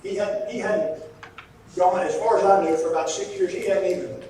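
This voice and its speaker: Southern man preaching, high voice, earnest folksy storyteller, heard far off in a very echoey sanctuary. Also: steady tone, moderate pace, warm tone, slight background noise. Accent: Southern American. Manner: retells a letter with quoted voices, earnest and folksy. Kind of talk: sermon storytelling. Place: church sanctuary. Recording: very echoey church hall from a distance.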